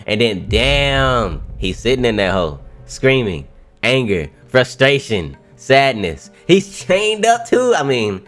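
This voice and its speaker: A man reacting live to a new manga chapter, excitable and profane, often laughing and exclaiming loudly. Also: mid-range voice, slow pace, soft background music.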